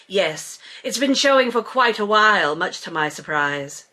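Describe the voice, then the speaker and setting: A woman reading a brooding wealthy Englishman's first-person lines from a novel in a put-on British accent, hushed and low. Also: lively intonation, a little slow. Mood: clipped.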